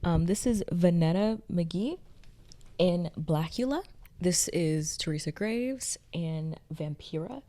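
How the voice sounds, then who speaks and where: A young woman casually recapping and reviewing a TV episode, excitable and chatty with many fillers. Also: on the low side, slow. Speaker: pop culture video essayist.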